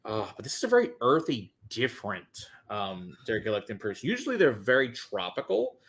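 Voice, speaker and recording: A man's voice: mid-range voice, huge pitch swings, fairly quick, fairly bright tone. A man co-hosting a casual whiskey tasting, listing flavor notes with enthusiasm. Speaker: whiskey reviewer, co-host.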